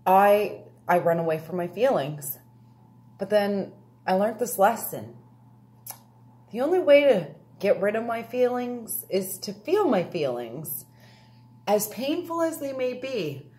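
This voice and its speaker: A woman's voice: medium pitch, sing-song, takes it slowly, dark tone. Earnest woman giving a personal talk. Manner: earnest, confessional. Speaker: speaker.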